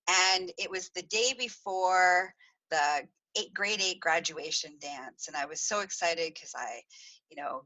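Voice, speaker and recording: Telling a confessional tale on her podcast, this woman wanders loosely, restarts often, leans on fillers and laughs frequently in a chatty, giggly way. Her bright voice swings up and down lively, though the audio quality is poor.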